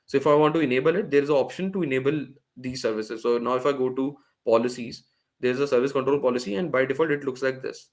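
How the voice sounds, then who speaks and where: A man's voice: medium pitch, quick pace. A man presenting a live online workshop, explaining step by step with frequent fillers and restarts over a video call. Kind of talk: live screen-share tech demo.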